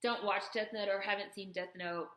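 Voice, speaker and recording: A woman vlogging casually as she unboxes a package, chatty and excitable, with lots of "like" fillers. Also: mid-range voice, moderate pace. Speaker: YouTuber. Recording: echoey room.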